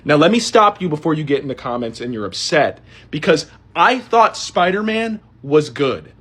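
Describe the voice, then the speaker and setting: A man's voice: on the high side, big pitch swings, moderate pace, fairly bright tone, slightly rough. A man doing a comedic, exasperated rant to camera, with theatrical outbursts. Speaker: social media creator.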